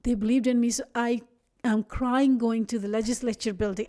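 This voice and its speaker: A woman's voice: a little high, normal speed, warm tone. A middle-aged woman from India, telling her personal story as a podcast guest in an earnest, heartfelt way, with frequent restarts. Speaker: guest, provincial politician.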